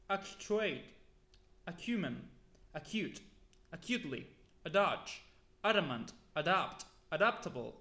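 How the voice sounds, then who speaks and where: A man reading a long list of words aloud one by one, slow and deliberate, as a YouTuber. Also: on the high side, pushed and bright, reverberant.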